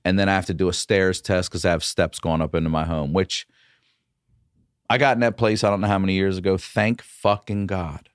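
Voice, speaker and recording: Deep-voiced man telling a profane story. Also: fairly even intonation, fast talker, smooth, no room sound, clean studio sound. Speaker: comedian guest. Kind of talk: casual podcast storytelling.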